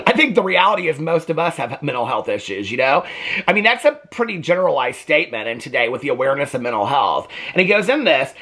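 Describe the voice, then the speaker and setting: Man vlogger, sassy reaction rant with a lively, bright delivery. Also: a little high, brisk. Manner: sassy, emphatic, keeps saying "okay?". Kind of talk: casual ranting commentary.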